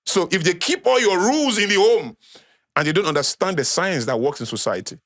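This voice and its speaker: A man's voice: sits high, expressive, a little fast, a bit bright, no echo, studio quality. A man with a Nigerian accent, a podcast guest lecturing in a conversational way, repeating key phrases for emphasis. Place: podcast studio.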